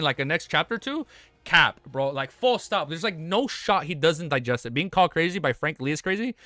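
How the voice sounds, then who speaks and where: A young man reads a web novel aloud on a live stream and keeps breaking off into excitable, slangy, swearing reactions. His voice is bright and forceful and sits a little high. The sound is dry and close, with no room echo.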